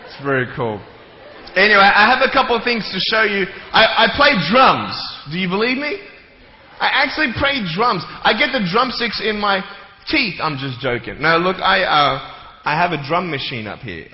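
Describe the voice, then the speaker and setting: A man's voice: sits high, sing-song, moderate pace, a little hiss or hum. A young man, giving a joking motivational talk to a live audience in a large hall and acting out little scenes as he goes. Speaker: motivational speaker. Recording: echoey hall, slightly dull sound.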